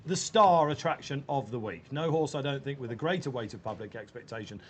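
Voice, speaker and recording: A man hosts a racing preview outdoors at the track. He talks briskly and keeps throwing questions to his panel. His voice sits at a middling pitch, with faint ambient noise behind it. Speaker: host. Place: outdoors at a racecourse.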